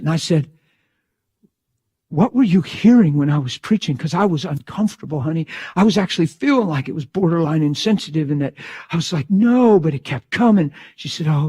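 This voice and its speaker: A middle-aged man preaching a sermon, telling a story with dramatic swings from hushed tones to loud outbursts. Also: a little high, quick pace, breathy edge.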